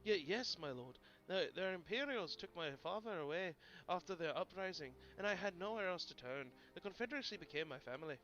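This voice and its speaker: Brief: a man playing a jittery young deckhand, bright, stammering, pirate-tinged, lo-fi game stream. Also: high voice, expressive, brisk, few pauses. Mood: flustered. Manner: stammering, put-on pirate accent. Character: nervous young male apprentice sailor. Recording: dull lo-fi stream audio, faint game music.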